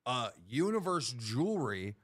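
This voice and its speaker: A man's voice: mid-range voice, big pitch swings, a little slow, breathy edge. A man hosting a live stream, ranting in an exasperated, complaining way with plenty of swearing. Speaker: show host.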